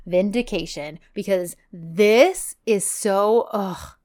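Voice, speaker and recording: A woman's voice: medium pitch, takes it slowly. Chatty woman recapping a show. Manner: chatty, animated retelling, quotes characters. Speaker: podcast co-host recapping a drama series. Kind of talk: casual chat.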